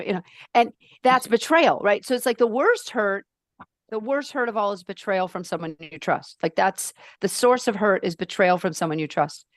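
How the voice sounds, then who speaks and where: Outspoken emphatic woman, dry close mic. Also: dry recording. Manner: emphatic, outspoken, animated ranting with swings in pitch. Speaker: podcast guest, life purpose coach. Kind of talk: casual podcast conversation.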